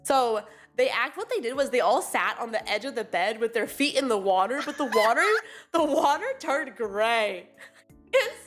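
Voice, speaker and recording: A young woman VTuber chatting casually with friends on stream, telling animated stories and acting out quotes with lots of laughter. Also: on the high side, a little fast, few pauses, soft background music. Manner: animated storytelling, acts out quotes, laughs often.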